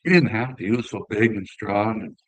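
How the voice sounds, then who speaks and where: An older man from northern Minnesota with an Upper Midwest accent, a former hockey player telling relaxed, rambling stories in an interview. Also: lowish voice, brisk, dry recording, rough recording. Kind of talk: casual conversational storytelling.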